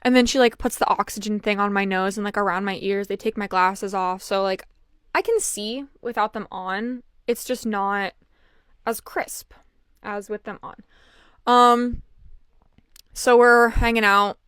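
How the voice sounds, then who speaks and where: A young woman chatting casually as she tells a personal story, with lots of fillers and an animated delivery. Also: mid-range voice, measured pace, smooth, dry recording, clean studio sound. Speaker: vlogger.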